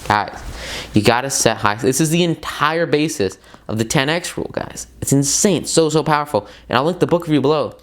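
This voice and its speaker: A man's voice: on the high side, brisk. Male self-help book reviewer: hyped-up, emphatic, rambling, calls the audience "guys.". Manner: excitable and emphatic, repeats words for stress, addresses viewers as "guys"; loose and rambling, with many fillers and side tangents. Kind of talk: casual motivational book commentary.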